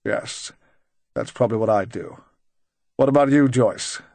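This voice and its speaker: A man's voice: medium pitch, measured pace, creaky, darkish tone, no room sound. A man reading a shrewd official who questions others with dry, leading remarks. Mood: pointed.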